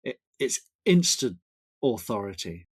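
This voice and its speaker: A man's voice: mid-range voice, very animated, a little slow, darkish tone, slightly rough. Man, rambling enthusiastic guest. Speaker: podcast guest. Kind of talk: casual chat.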